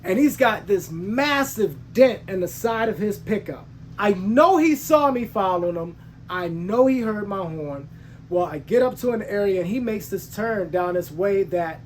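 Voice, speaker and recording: A man's voice: high voice, a little hiss or hum. Heated male trucker telling a story. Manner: heated, emphatic retelling with slangy asides; frequent restarts and self-corrections. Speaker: truck driver and channel host. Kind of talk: casual storytelling to camera.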